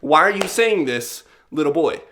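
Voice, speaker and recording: Man playing a hesitant, stammering young shop clerk, bright-toned. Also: fairly high pitch, animated, normal speed. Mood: baffled. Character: timid young male store clerk.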